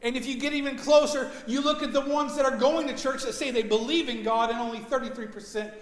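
Brief: man, pastor, very high voice, animated storyteller, church hall reverb. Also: fast. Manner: animated storytelling, rising to loud emphasis. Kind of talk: sermon. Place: church sanctuary.

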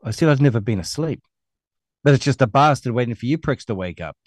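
A middle-aged New Zealand man tears into his targets in a long, profane rant, scornful and relentless. His voice sits at an ordinary pitch and sounds dry and close, with no room around it. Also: animated, quick pace, breathy edge, no echo. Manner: angry, scornful, profane ranting. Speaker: online show host. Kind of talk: ranting monologue.

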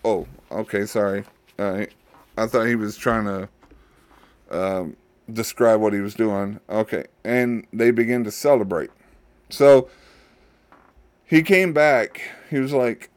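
A man hosting a show who casually retells a Bible story, halting and repeating his words. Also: fairly low pitch, dry recording. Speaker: host.

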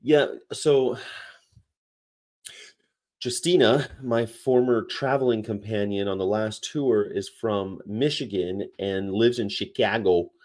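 A man's voice: lowish voice, takes it slowly, a little mellow. A man hosting a casual livestream chat, rambling and laughing often as he reads comments and mimics regional accents. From United States. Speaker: livestream host.

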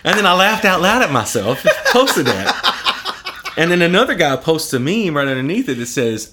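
A man's voice: on the high side, normal speed, background noise. A man in casual chat, telling stories with lots of swearing and acted-out quotes. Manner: animated storyteller, swears a lot, acts out quotes. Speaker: podcast guest.

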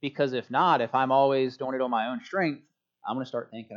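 Casual male preacher, conversational and self-joking, mid-pitched, heard on a dull lo-fi recording. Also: a little fast. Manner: relaxed, chatty, self-joking. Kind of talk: casual sermon. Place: church hall with a congregation. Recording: dull lo-fi sound.

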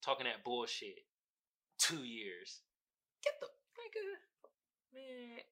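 A man rants solo on his podcast. His voice is lively and swoops up and down, with a very bright, sharp edge. He curses freely and jumps from loud outbursts to low mutters. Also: slow. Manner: profane, heated, swings between loud outbursts and low mutters. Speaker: podcast host. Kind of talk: casual solo rant.

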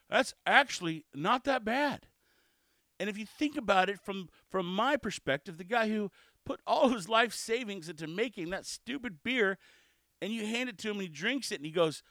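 Man, podcast host, cheeky chatty storyteller, higher voice, dry close sound. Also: lively intonation, a little fast, fairly bright tone, no room sound. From South Texas. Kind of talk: casual solo podcast chat.

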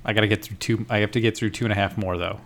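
A man who streams games, chatting excitedly and in a friendly way on a podcast. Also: lowish voice, rapid-fire. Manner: excited, friendly, says dude a lot. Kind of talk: casual chat about video games.

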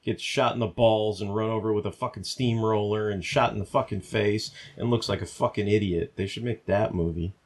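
A man's voice: lowish voice, steady tone, a little fast, few pauses. A man co-hosting a podcast, ranting heatedly in casual talk, swearing constantly and restarting his sentences. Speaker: podcast co-host. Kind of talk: profane casual rant.

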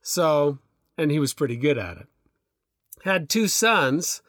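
Rambling middle-aged man, fairly high voice. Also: big pitch swings, slow pace, fairly bright tone, no echo, studio quality. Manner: rambling, hesitant, many restarts and fillers. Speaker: podcast co-host. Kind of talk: casual chat.

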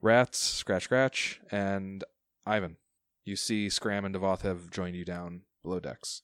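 A man runs a tabletop game as its game master, his voice sitting a little low. He describes the action in an easy, chuckling way, and the sound is dry with no room around it. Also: level tone, takes it slowly, a bit bright, clean tone, dry recording. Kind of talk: running a tabletop game over chat.

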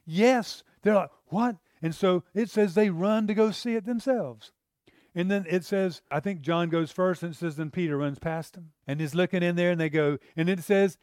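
High-voiced preacher acting out scenes. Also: male voice, normal speed, a little mellow, no echo, studio quality. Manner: conversational, acts out the disciples' lines in character. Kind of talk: sermon.

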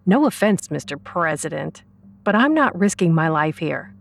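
A woman's voice: low voice, sing-song, moderate pace, gravelly, exaggerated voice. A woman voicing a selfish young male student who snarls and whispers harshly. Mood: cold.

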